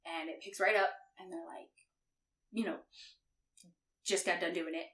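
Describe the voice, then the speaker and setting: A woman guest author recapping a book in casual podcast chat, animated and laughing often as she tells it. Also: fairly low pitch, moderate pace. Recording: echoey room.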